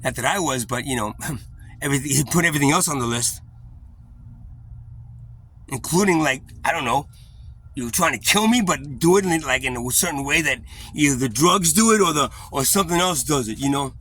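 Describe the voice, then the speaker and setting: A man's voice: on the high side, animated, bright, forceful tone, slight background noise. Profane, rambling man venting. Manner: rambling, profane, halting with fillers. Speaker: vlogger. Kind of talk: confessional vlog monologue.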